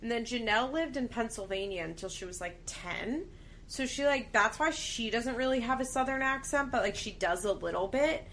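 A woman's voice: fairly high pitch, lively intonation, normal speed, a bit bright, a little hiss or hum. A young woman co-hosting a podcast, chatting casually about a TV show and using lots of filler words. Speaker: podcast co-host. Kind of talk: casual chat recapping a TV show.

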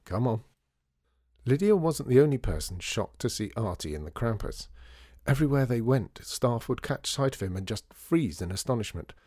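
A man narrating a storybook in a measured, gently wry way. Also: medium pitch, sing-song, dry recording, studio quality. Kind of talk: storybook reading.

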